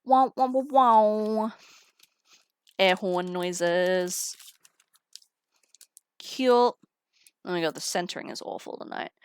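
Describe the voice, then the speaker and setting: A woman's voice: mid-range voice, slow, pauses often, a little mellow, clear, resonant tone, no echo, clean studio sound. A young woman chatting casually on a live stream while opening trading cards, giggling and greeting viewers through a headset mic. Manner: chatty, giggly, talks to chat while unboxing. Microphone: headphones with mic.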